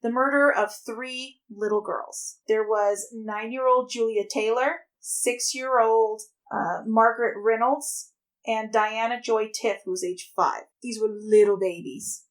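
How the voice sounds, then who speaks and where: A woman co-hosting a podcast, telling a story in casual, animated chat and swearing freely. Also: fairly high pitch. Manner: animated, swearing, quick banter. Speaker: podcast co-host.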